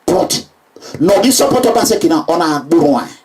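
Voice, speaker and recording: A Nigerian man giving an emphatic public address, repeating himself and breaking into shouts. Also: a little high, big pitch swings, fairly quick, recorded from a distance, faint music behind. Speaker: political speaker.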